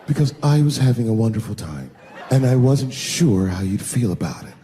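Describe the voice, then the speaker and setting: Sultry coy lady voice, comedian guy doing it, smooth, bit of hall echo. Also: mid-range voice, animated, moderate pace, dark tone, a little hiss or hum, pitched below the performer's own voice, lightly acted.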